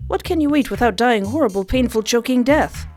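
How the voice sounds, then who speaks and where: A woman's voice: on the high side, lively intonation, brisk, a little mellow, faint music behind, pitched above the performer's own voice. A woman doing a stilted, eager space recruit. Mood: insistent. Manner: stilted, oddly worded, demanding. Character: eccentric, blunt young space crew recruit.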